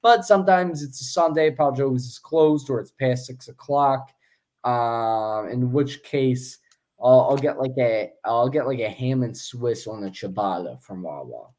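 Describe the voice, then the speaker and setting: A man's voice: medium pitch, a little slow, darkish tone. A man co-hosting a casual sports podcast, chatty and joking, with many fillers and restarts. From Philadelphia area. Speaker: podcast co-host.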